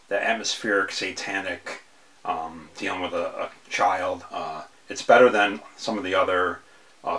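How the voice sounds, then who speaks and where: A man with a very low voice talks through his film picks in a loose, casual way. He rambles, restarts sentences and fills pauses with ums as he goes. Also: fairly bright tone. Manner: rambling, hesitant, many fillers and restarts. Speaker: horror film reviewer. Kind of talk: casual video review.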